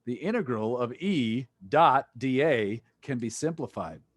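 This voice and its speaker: Over a video call, a playful man lectures on physics, joking with his students and quizzing them. His middle-register voice has lively intonation and a measured pace, and the recording is dry and close with little room sound.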